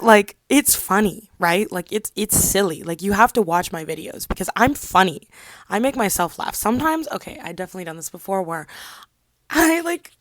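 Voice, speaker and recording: A young woman talks to her camera at home in a loose, chatty rant. She is animated, slips into whispered asides, and her mid-range voice is recorded dry and close, with no room sound. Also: medium pitch, no echo. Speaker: vlogger.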